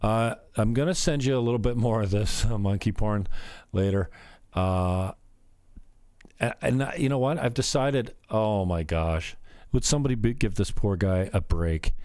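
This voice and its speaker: A man hosting his own show, delivering an unscripted rambling rant, cursing often and swinging between low muttering and sharper outbursts. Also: normal speed, a little mellow, smooth, no echo. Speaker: show host. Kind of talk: unscripted ranting monologue.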